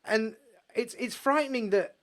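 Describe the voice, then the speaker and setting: A man's voice: very high voice, unhurried. Blunt, sweary English man ranting. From England. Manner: blunt, sweary, animated storytelling. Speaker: podcast co-host. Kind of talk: casual chat.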